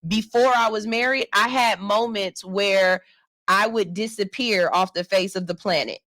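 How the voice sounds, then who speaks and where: A woman's voice: mid-range voice, a little slow, a bit bright, no room sound, rough recording. Candid radio host woman. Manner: candid, personal, reads listener comments aloud. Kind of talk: casual talk radio chat.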